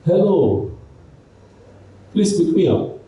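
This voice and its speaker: A man's voice: sing-song, slow pace, warm tone, full character voice. Storytelling bit: a man plays a pushy frog princess begging for a kiss, heard from far off in a reverberant hall. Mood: pleading. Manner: coaxing, insistent, pitched up. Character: pleading talking frog, female, claims to be a princess.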